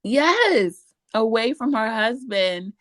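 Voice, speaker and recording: Animated woman podcast co-host. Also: a little high, slow pace, no room sound. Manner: animated, acts out cast members' lines. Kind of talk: casual reality-TV recap chat.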